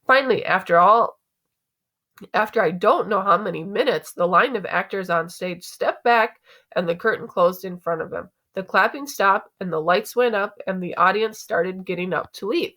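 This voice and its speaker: A woman teacher reading a novel aloud to students in an expressive, conversational way. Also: medium pitch, normal speed.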